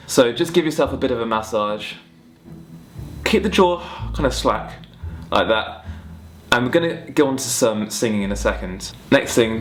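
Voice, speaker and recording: A young man teaching a singing warm-up lesson in a relaxed, friendly, chatty way, talking through stretches and vocal exercises. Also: mid-range voice, slight background noise. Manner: relaxed, friendly and chatty, demonstrating hums and sung syllables. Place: home music room with guitars on the walls.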